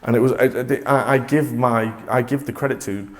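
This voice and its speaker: A man presenting a motivational talk to a live audience, energetic and coaxing, often restarting mid-sentence. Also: mid-range voice, brisk. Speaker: corporate presenter.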